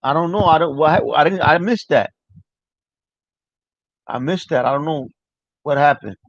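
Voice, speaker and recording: A man hosts a casual livestream chat, rambling loosely and swearing often as he answers viewers. His pitch is fairly high and his pace moderate. The mic sounds dry and dull, lo-fi, with no echo.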